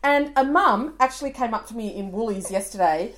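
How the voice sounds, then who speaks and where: Animated Australian woman telling stories. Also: fairly high pitch, fairly quick. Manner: animated storytelling, laughing, acting out voices. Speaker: podcast co-host. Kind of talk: casual chat.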